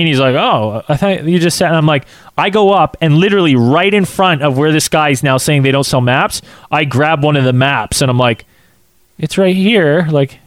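A man telling a casual anecdote, acting out quotes in an animated way and saying "like" a lot. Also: on the high side, dry recording, studio quality.

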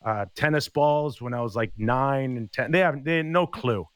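A man's voice: mid-range voice, normal speed, clean tone, dry recording. A man in his fifties, a former hockey player, telling stories in a casual chat and acting out the quotes. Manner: animated storyteller acting out quotes.

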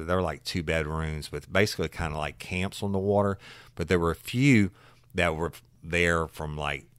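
A man's voice: very deep voice, a bit bright, clean tone, no echo. A man tells a case story. He talks in a blunt, folksy way, in a dry, close recording. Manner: folksy, blunt, curses freely. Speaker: detective recounting a case. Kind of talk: casual storytelling.

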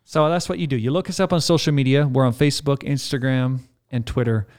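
A man's voice: mid-range voice, fast talker. A man co-hosting a casual Christian podcast, chatting easily and reading listener feedback aloud. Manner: relaxed, reads listener comments aloud. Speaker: podcast co-host.

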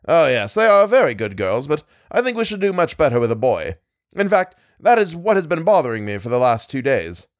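A man voicing a secretive older professor who speaks in a brisk, airy and offhand way. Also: fairly high pitch, very animated, no echo, clean studio sound.

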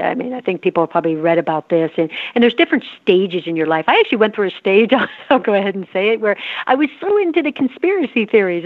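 A woman's voice: mid-range voice, dry recording. A woman in her fifties, a guest in an interview, talking earnestly and repeating herself for emphasis. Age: 50s. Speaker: guest author. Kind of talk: casual interview talk. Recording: phone-like line.

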